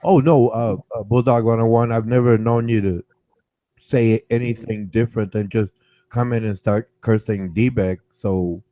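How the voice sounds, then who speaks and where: Low mellow-voiced male host. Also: moderate pace, no echo, muffled recording. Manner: calm, hesitant, noncommittal. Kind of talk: casual chat.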